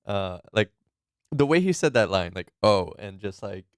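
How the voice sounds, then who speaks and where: A man in a casual movie podcast chat, giving his thoughts in a measured way. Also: lowish voice, sing-song, no echo, clean studio sound.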